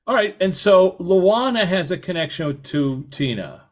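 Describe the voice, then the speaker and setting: A man hosting a podcast interview, talking in a halting way with many fillers and restarts. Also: sits high, animated. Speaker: podcast host. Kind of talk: conversational interview.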